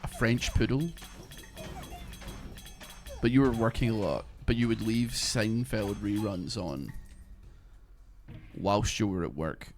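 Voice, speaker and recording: A man's voice: on the low side, takes it slowly, pauses often, a little mellow, faint music behind. A young man streaming from his bedroom, rambling and joking as he plays a game. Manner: rambling, jokey, thinks aloud. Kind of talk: casual gameplay commentary.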